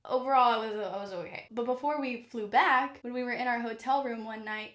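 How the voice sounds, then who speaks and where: A young woman vlogger telling a funny story in a casual, animated way, swearing often and exaggerating for comic effect. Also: fairly high pitch, a little fast, few pauses, echoey room.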